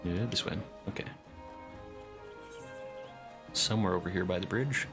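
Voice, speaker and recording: A man with a deep voice chats casually while playing a game on stream, reading out chat messages as he goes. Faint game music runs behind him. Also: a little slow, vocal fry. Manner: chatty, reads chat messages aloud. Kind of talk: casual live-stream commentary.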